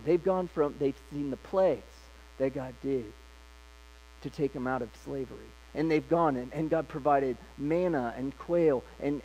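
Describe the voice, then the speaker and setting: A man's voice: a little high, a little mellow, poor audio. A male pastor preaching a sermon, retelling scripture in a casual, conversational way.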